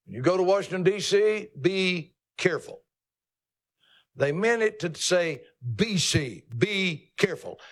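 A male pastor preaching a sermon in an emphatic, folksy, teasing manner, jumping his pitch up for emphasis. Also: lively intonation, a little slow.

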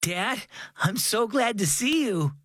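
A man's voice: on the high side, big pitch swings, normal speed, fairly bright tone, dry recording, clean studio sound, voice pushed up. A man doing an anxious young boy. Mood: worried. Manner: raised, eager, worried.

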